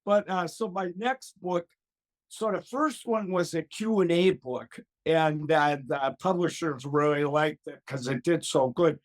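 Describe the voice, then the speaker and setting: An older man tells a travel story as an interview guest. He is animated, acts out the other voices and laughs often as he goes. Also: on the high side, a little slow. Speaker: gardening expert guest.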